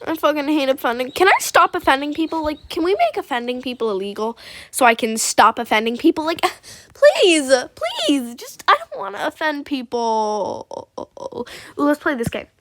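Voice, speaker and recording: A woman's voice: high voice, very animated, moderate pace, a bit bright. A young woman chatting casually and self-consciously while playing a game, rambling, apologizing and swearing. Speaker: gaming video creator. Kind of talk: casual gameplay commentary.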